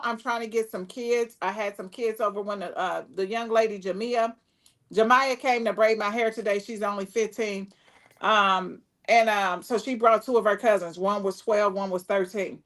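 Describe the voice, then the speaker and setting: A woman hosting a live talk show in casual chat, addressing viewers directly and chatting in a lively way. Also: on the high side. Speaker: show host.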